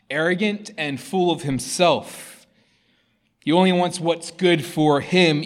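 Male pastor, mid-pitched, expressive sermon reader. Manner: expressive, storytelling delivery.

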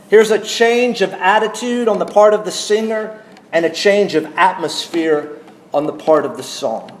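A man preaching an expository sermon, with a measured, emphatic delivery and deliberate pauses. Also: sits high, roomy sound.

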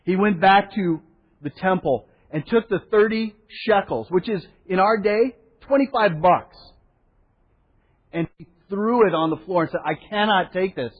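A pastor preaching a sermon, telling the story with animated voices for the people in it and a soft hush for solemn points. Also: male voice, sits high, a little slow, husky. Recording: dull sound in a hall with long reverb.

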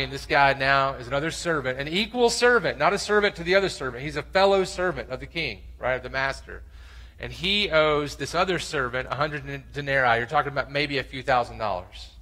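A man preaches a sermon with real conviction, reading scripture aloud and throwing himself into its voices. His tone is bright and forceful, and his pitch sits in a middle range. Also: poor audio. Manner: impassioned, acts out voices in scripture. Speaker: pastor.

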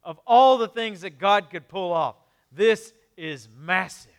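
A pastor delivers a sermon conversationally, tossing in quick asides and shifting between quiet, low stretches and emphatic ones. His tone is clear and resonant.

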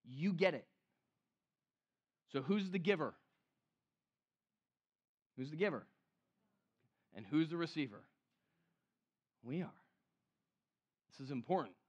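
High-voiced, lively preaching man. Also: lo-fi sound. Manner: animated, conversational preaching with acted quotes. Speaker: pastor. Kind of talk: sermon.

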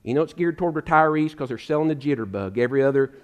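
A man's voice: fairly high pitch, animated, racing. A man preaching a sermon as pastor, fervent and emphatic, calling his listeners friend.

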